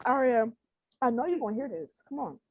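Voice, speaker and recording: A woman's voice: on the high side, animated, fairly quick, a little hiss or hum. A young woman co-hosting a podcast in casual chat, emotional, pleading and laughing, swearing freely. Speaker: podcast co-host. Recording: dry, dull lo-fi sound.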